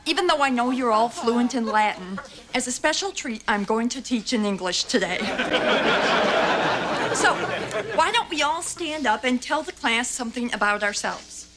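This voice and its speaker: A woman's voice: a little high, expressive, moderate pace, heavy background noise, natural voice. An actress playing a prim, condescending schoolteacher, sugary in her politeness with a snide edge. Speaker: teacher. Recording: sitcom with loud studio audience laughter.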